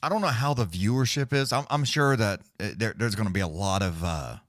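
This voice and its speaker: Man, middle-aged, livestream fight host: low voice, dry close sound, loose and profane, jumps into quick play-by-play. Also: fairly bright tone, dry recording. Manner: rambling, profane, laid-back, with many restarts; fast play-by-play calling during fights. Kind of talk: casual live-stream commentary.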